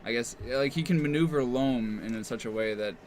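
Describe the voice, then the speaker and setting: A man talks through a card game match, weighing each play out loud with frequent "like" and "I mean." His voice sits at a middling pitch, with faint background ambience from a game store. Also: normal speed, a little hiss or hum. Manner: analytical, thinks aloud, many fillers. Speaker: game commentator. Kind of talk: casual live commentary.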